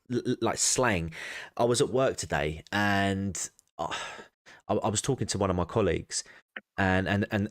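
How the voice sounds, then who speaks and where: A man's voice: fairly low pitch, a bit bright, no echo, studio quality. An Englishman telling a work anecdote on a casual chat show, stumbling and repeating words as he acts out the conversation. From England.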